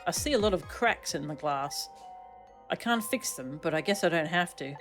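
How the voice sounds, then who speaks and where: A woman's voice: low-pitched, expressive, moderate pace, music in the background. A woman streamer giving playful, chatty commentary while playing a game. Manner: chatty, playful, laughs between lines.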